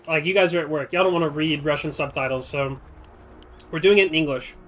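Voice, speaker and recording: A man's voice: fairly high pitch, fairly quick. Chatty man streaming a game. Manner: chatty, rambling, thinks out loud. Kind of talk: casual live-stream commentary.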